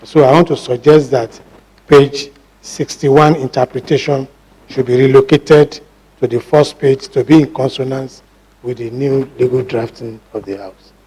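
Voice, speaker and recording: A lawmaker making a formal procedural suggestion from the floor. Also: male voice, medium pitch, fairly even intonation, measured pace, warm tone, breathy edge, low-quality recording. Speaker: legislator.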